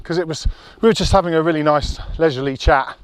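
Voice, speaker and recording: A man's voice: a little high, fast talker, clean tone, no echo. Chatty man vlogging outdoors. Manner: chatty and rambling, talks while walking. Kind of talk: casual chat to camera. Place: outdoors on a country road. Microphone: handheld camera.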